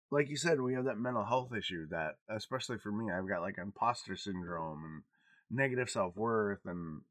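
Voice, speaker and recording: A man's voice: on the low side, fairly bright tone, dry recording, clean studio sound. Frank, swearing man in his forties. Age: 40s. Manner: frank and confessional, swears freely. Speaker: podcast co-host. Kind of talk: casual podcast chat.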